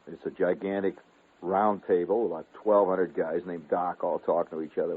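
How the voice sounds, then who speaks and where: A man's voice: low voice, flat delivery, normal speed, slightly rough. A man in his fifties from the United States, telling a rambling, digressive radio story with chuckling asides. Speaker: radio host. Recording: narrow, phone-like old radio broadcast.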